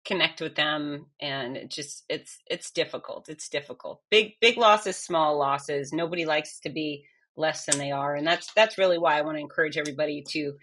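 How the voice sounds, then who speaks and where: A middle-aged woman who works as a fitness expert is a guest in a conversational interview. Her voice is low and a bit bright, and she speaks candidly and emotionally in quick bursts.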